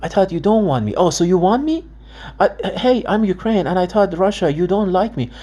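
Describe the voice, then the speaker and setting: A man's voice: sits high, animated, fairly quick, dark tone, voice pushed up. A man voicing a pleading, bewildered country. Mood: pleading, confused.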